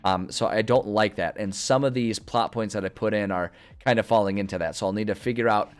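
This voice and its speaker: A man's voice: fairly low pitch, a little fast, clear, resonant tone. A streamer thinking aloud in casual chat as he plans a story, rambling with many fillers and restarts. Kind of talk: casual livestream chat about story planning.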